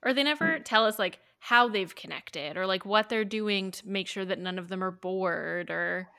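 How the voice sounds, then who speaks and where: A woman co-hosting a podcast, casually recapping an episode with quick, chatty asides. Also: medium pitch, gravelly, sharp tone, clean tone. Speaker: podcast co-host.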